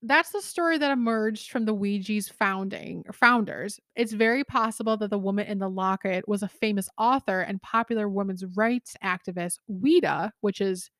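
A young adult woman co-hosting a podcast in casual chat, lively, laughing easily and often correcting herself mid-sentence. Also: medium pitch, moderate pace, few pauses, dry recording, studio quality. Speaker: podcast co-host.

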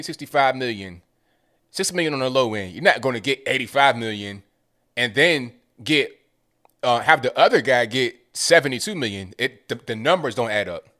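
A man's voice: medium pitch, sharp tone. Chatty male call-in show host. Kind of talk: casual call-in talk.

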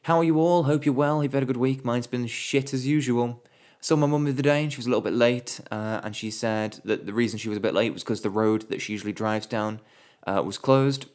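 A man who blogs about movies, telling comic stories in a sardonic, sweary way and putting on quick voices for the people he quotes. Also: medium pitch, fairly even intonation, darkish tone. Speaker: movie blogger. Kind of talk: comedic storytelling monologue.

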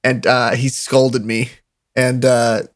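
A young man telling animated stories in a casual chat, laughing often. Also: medium pitch, slow pace. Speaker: podcast co-host.

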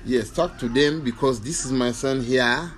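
A man's voice: medium pitch, moderate pace, soft background music. A man giving an emphatic, repetitive motivational monologue at home. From Africa. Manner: preachy, emphatic, repetitive declarations. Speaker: motivational speaker.

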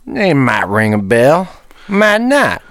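A man's voice: mid-range voice, wildly swooping pitch, takes it slowly, fairly bright tone, dry recording, clean studio sound, full character voice. A man playing a sly old-west outlaw general with a folksy drawl.

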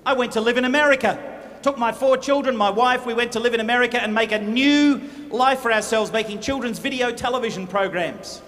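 A man giving a motivational speech at a business event, animated, humorous and dramatic in his storytelling. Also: extremely high pitch, fairly quick. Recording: echoey hall with faint noise.

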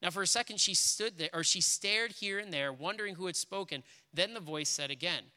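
Bright-voiced preacher in an echoing hall. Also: male voice, high voice, fairly quick, few pauses. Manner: earnest, with frequent restarts while reading. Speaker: pastor. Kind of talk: sermon. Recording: reverberant hall.

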